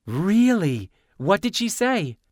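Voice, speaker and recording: A man's voice: sits high, big pitch swings, takes it slowly, dry recording, studio quality, voice pushed up, full character voice. A man voicing a patient, concerned young female friend in an audiobook.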